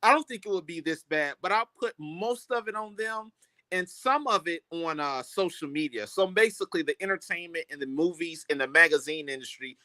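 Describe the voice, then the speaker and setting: A man's voice: a little high, a little fast, sharp tone, dry recording, poor audio. A man co-hosting a casual discussion broadcast, fired up and calling his partner brother. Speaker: co-host.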